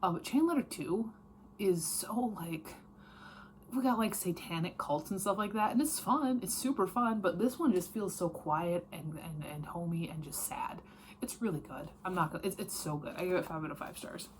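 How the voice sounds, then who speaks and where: A woman's voice: mid-range voice, lively intonation, moderate pace, slight background noise. A woman chatting casually about books she read, frank and rambling, with many fillers and self-corrections. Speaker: book vlogger. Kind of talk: casual reading wrap-up chat.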